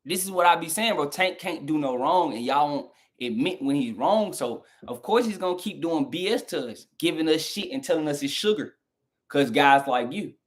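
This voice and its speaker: A young man from the southern United States, with a Southern American accent and a fairly high, lively voice at a moderate pace, argues heatedly with his live-stream chat. He speaks straight to them, mocking their replies.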